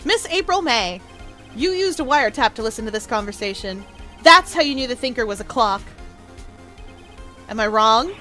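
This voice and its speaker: Woman playing an earnest young male defense lawyer, lowered voice, clipped. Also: animated, moderate pace, pauses often, sharp tone, faint music behind. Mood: firm.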